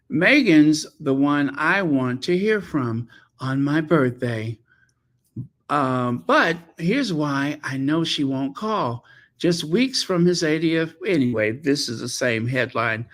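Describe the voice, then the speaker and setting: A male commentary host talks in an unhurried, casual way, his voice sitting a little high. He mocks his subjects with a dry, sarcastic edge, drawing out his words. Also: expressive, a bit bright. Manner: sarcastic, mocking.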